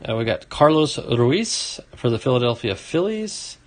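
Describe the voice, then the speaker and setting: A man's voice: medium pitch, very animated, unhurried. A man hosting a casual card-opening video, reading off names and chatting to a viewer. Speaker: card collecting video host. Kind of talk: casual box-opening commentary.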